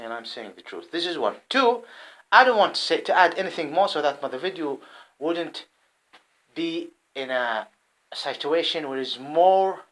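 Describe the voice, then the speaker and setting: A man from the Arab world, based in England, delivering a rambling, impassioned monologue to camera. He often repeats himself and swings between loud outbursts and muttering. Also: medium pitch, low-quality recording. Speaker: vlogger. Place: at home in England.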